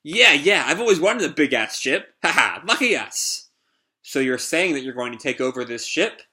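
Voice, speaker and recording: A man reading the lines of a brash, cheerful teenage boy hero, cocky and excitable. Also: a little high, moderate pace, full character voice.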